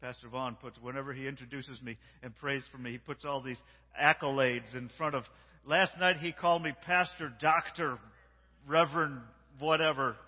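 A man giving a sermon as a guest preacher, warm and repetitive, drawing the congregation into call-and-response, swinging between hushed words and shouts. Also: mid-range voice, steady tone, moderate pace. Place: large church sanctuary. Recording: dull sound with long hall reverb.

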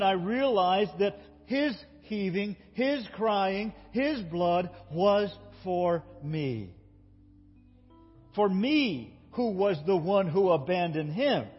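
A man preaching a sermon as a pastor, telling a story and swinging between loud emotional peaks and soft, quiet passages. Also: sits high, husky, in a large hall, dull audio. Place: church.

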